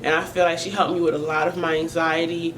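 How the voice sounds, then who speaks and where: A woman's voice: deep voice, little pitch movement, fast, a bit bright, a little hiss or hum, rough recording. Earnest emotional woman vlogger. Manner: earnest, emotional, repeats phrases. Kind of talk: personal vlog about mental health.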